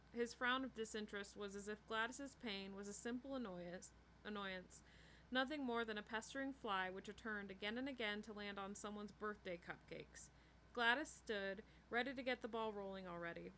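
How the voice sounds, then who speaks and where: A woman reading a novel chapter aloud in a steady storytelling way. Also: mid-range voice, normal speed, a little hiss or hum. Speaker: book reader.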